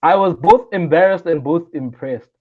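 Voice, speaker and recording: A man's voice: on the high side, moderate pace, dull audio. A young South African man, a comedian guest in an interview, telling stories animatedly and acting out the voices of the people in them. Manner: animated, acts out quoted voices. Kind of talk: casual interview storytelling.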